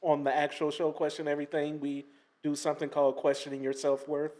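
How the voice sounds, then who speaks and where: Brief: male podcast host, raised pitch, relaxed and meandering delivery. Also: fast. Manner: easygoing, hesitant with filler uhs. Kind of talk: casual podcast chat.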